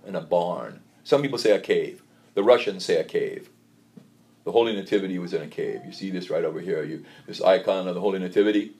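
A man giving a sermon in a church, telling a story in a halting way and often repeating words. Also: sits low, darkish tone.

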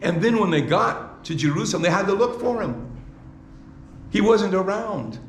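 A man's voice: high-pitched, expressive, moderate pace, slight background noise. Man preaching in an echoey church. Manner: repeats words, asks the congregation rhetorical questions. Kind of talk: sermon. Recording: echoey hall with faint ambience.

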